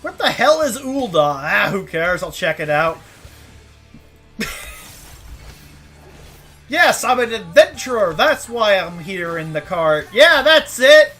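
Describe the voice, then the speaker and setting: A woman streaming a video game, chatting casually with quick jokes, frequent laughter and swearing, sometimes working herself into a mock rant. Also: on the low side, very animated, fairly bright tone, faint music behind. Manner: joking, profane, ranting, laughs often. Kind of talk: casual live gameplay commentary.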